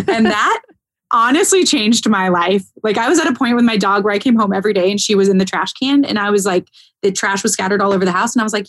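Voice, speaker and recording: A woman in casual podcast conversation, telling a story in an animated way and laughing often. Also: mid-range voice, quick pace, no echo. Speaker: caregiver.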